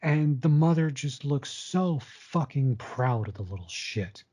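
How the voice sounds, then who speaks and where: Through a dull, lo-fi recording, a man shares a blunt, profanity-laden story about working in retail. His medium-pitched voice is expressive and dark with a breathy edge, moving at a measured pace.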